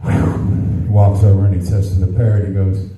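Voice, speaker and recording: A man's voice: sits low, flat delivery, fast talker, dark tone. A man doing stand-up, telling crude jokes with dry punchline delivery. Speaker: stand-up comedian. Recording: echoey room, distant mic, faint noise.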